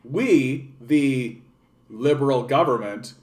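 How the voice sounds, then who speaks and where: A man's voice: mid-range voice, a little mellow, close to an everyday voice. Man mocking a smug, hollow Canadian politician. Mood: mock-solemn. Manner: slow, mock-solemn announcing.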